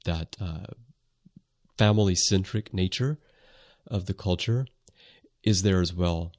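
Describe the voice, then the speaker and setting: A man's voice: low-pitched, takes it slowly. A man hosting a casual fan podcast who talks in a thoughtful, descriptive way and uses filler words. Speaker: podcast host. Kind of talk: casual chat.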